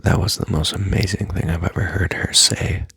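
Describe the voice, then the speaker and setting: Really deep husky guy talking soft and slow, almost whispering, dry close mic. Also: flat delivery, dry recording. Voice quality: husky, gravelly. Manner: soft, halting, drifts into a near-whisper. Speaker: self-help speaker. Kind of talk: reflective personal monologue.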